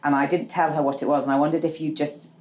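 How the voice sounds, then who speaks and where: Lady podcast host, deep warm voice, gentle and chatty. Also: flat delivery, fast, slight background noise, rough recording. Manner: gentle, chatty, murmurs agreement. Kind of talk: interviewing, casual chat.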